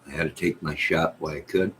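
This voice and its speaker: A man's voice: rumbling low, steady tone, fairly bright tone, slight background noise, poor audio. A man hosting a casual livestream, reading his chat and telling rambling, joking stories. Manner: rambling, joking storyteller with drawn-out asides. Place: at home in bed.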